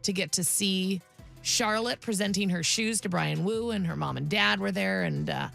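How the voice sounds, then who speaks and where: A woman's voice: mid-range voice, normal speed, creaky, fairly bright tone, soft background music. A woman co-hosting sports radio in a studio, chatting upbeat and telling a story in casual banter. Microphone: studio mic.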